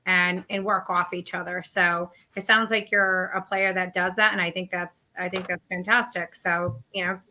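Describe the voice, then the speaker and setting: A woman's voice: fairly low pitch, level tone, normal speed, hardly any pauses, sharp tone. A woman co-hosting a casual chat, speaking in an encouraging, reflective way. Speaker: co-host.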